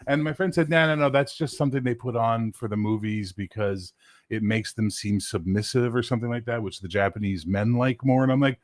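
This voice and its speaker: A man chatting casually on a livestream, telling animated stories, swearing freely and mimicking other voices. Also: mid-range voice, fairly quick, no echo, clean studio sound. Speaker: livestream co-host. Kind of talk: casual chat.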